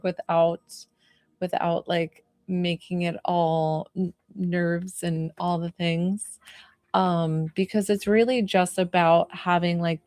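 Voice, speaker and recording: A woman's voice: fairly low pitch, no echo. A woman giving a spiritual medium reading in an effusive, emotional way with many fillers.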